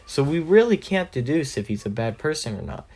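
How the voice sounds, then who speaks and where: A man voicing a calm, wise young monk who speaks gently, like a peacemaker, in a fan-made story. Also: medium pitch, fairly quick. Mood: soothing.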